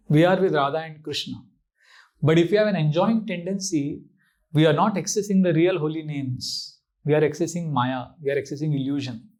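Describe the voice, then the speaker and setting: A man's voice: on the high side, a little mellow. A man giving a devotional talk, telling a scripture story with earnest emphasis and wry asides. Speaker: monk and spiritual teacher.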